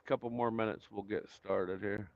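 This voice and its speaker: A man's voice: lowish voice, steady tone, moderate pace, dry recording, narrow, tinny audio. A man hosting a casual live stream, greeting viewers by name and chatting loosely with lots of fillers while he waits to start. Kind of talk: casual chat reading viewer comments.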